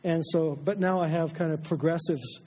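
A man's voice: on the high side, fairly even intonation, normal speed, a little mellow, in a large hall. A middle-aged man preaching a sermon as a pastor, conversational and self-deprecating, with frequent fillers and restarts.

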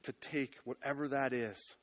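A male pastor preaching a sermon in church, earnest, dropping to hushed tones and rising to loud appeals. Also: medium pitch, steady tone, a little slow.

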